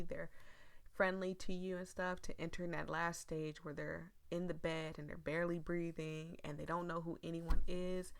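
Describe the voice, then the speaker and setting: A woman's voice: lowish voice, clear, resonant tone. A young woman commenting casually on a game, earnest and emotional, talking straight to her viewers. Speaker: gaming video creator.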